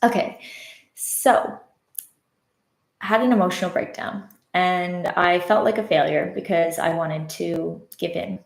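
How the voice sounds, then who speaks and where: A woman's voice: fairly low pitch, fairly even intonation, a little slow, gravelly. Candid woman telling a story in an echoey room. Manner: candid, reflective storytelling with frequent "like" fillers. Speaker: podcast host and love coach. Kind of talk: casual live-stream monologue. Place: indoors at home, live on social media.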